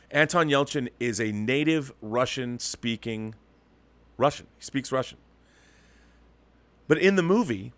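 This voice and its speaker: Male host, mid-pitched, emphatic ranting commentary, dry close-miked sound. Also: fairly bright tone, dry recording. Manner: emphatic, ranting, with frequent restarts. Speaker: show host. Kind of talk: opinionated commentary monologue.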